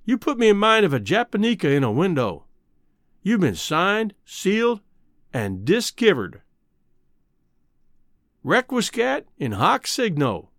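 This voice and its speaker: A gruff, scornful cowhand from the old West, blustering in a folksy drawl, played by a man. The voice sits high and swings widely, with a dry, close sound. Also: wildly swooping pitch, measured pace, long pauses, a bit bright, no room sound, heavily acted. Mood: mournful scorn.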